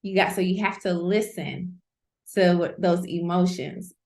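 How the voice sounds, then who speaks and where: A middle-aged woman hosting an online masterclass, teaching in a lively, conversational way and repeating key points for emphasis. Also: on the low side, measured pace. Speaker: host, coach. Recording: roomy echo.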